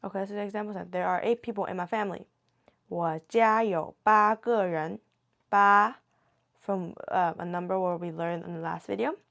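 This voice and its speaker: A woman teaching a beginner language lesson in a slow, patient way, muttering and correcting herself as she writes. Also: fairly low pitch, fairly even intonation, gravelly, fairly bright tone. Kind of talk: casual beginner lesson, writing on board.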